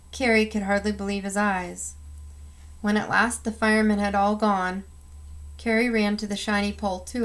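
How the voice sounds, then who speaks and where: A woman reading a children's picture book aloud, acting out the sound effects with expression. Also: medium pitch. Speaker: storyteller.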